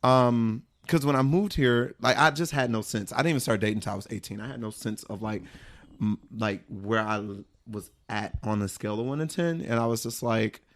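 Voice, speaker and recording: A man's voice: on the low side, fairly quick. A man from Wisconsin, a podcast guest, talking in candid conversation, earnest and reflective, often restarting mid-thought. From Wisconsin, USA.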